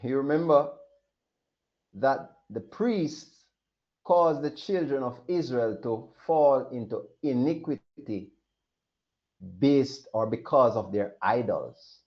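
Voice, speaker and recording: A man's voice: medium pitch, lively intonation, slow. A man preaching a sermon, emphatic and repetitive, often acting out the questions of others. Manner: emphatic, repeats phrases, voices questions of others. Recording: dull lo-fi recording.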